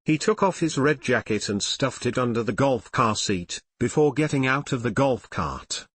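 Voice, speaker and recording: Male narrator for a fan fiction audiobook; animated and expressive, dry read. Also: medium pitch, normal speed, husky, dry recording. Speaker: reader.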